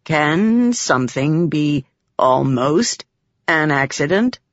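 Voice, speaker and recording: A woman voicing a slow, humming alien spirit. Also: deep voice, no room sound. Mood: curious. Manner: slow, flat and precise, with musing hums. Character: curious alien male spirit, pattern-like, literal-minded. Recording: dull lo-fi audiobook.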